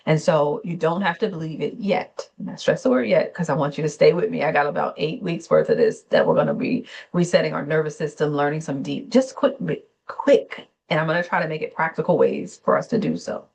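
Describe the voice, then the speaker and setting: A woman therapist hosting a gentle wellness talk, speaking slowly and soothingly, unscripted, with small self-corrections along the way. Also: sits low, big pitch swings, vocal fry, breathy edge. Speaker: therapist and channel host.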